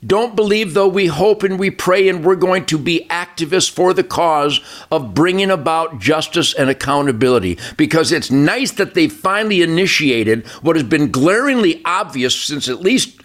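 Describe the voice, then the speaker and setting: A man's voice: on the high side, a bit bright. An older man hosting a political talk show, ranting fiery and emphatic, with lots of repetition. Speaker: show host.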